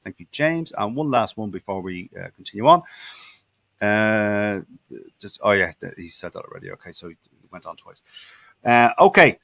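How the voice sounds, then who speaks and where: A man's voice: fairly low pitch, expressive, moderate pace, fairly bright tone, dry recording. A man with an Irish accent hosting a rugby chat show, reading viewer comments aloud with many fillers and restarts. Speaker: podcast host.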